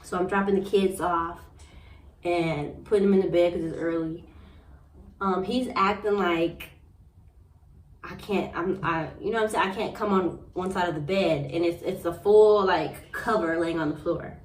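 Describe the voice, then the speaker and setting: A young woman vlogger telling a personal story in a blunt, profane, animated way. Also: fairly low pitch, moderate pace, distant mic. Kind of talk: candid storytime monologue. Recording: roomy echo, a bit off-mic.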